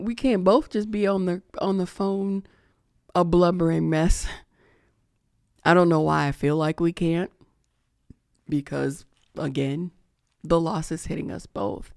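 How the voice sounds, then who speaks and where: A middle-aged woman hosting a podcast, speaking slowly and reflectively about personal grief, often hushed and emotional. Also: lowish voice, steady tone, creaky, no room sound, clean studio sound. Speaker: podcast host.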